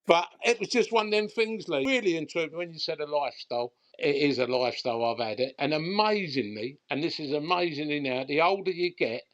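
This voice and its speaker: An older man with a broad London accent tells his stories in a rambling, colloquial way. His voice sits at an ordinary pitch. It leaps higher whenever he gets worked up. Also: animated, brisk, few pauses. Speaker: guest bookmaker. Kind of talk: casual storytelling chat.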